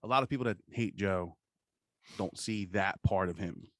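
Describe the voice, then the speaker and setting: Man, casual podcast chat, animated storyteller, swears often, dry sound. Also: low-pitched, moderate pace, no room sound. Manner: animated storyteller, quotes others in put-on voices, swears a lot. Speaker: podcast co-host.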